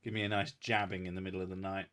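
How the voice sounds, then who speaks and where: A man's voice: deep voice, flat delivery, rapid-fire, fairly bright tone. A man chatting casually and swearing freely as a stream host. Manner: sweary, laid-back banter. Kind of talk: casual chat.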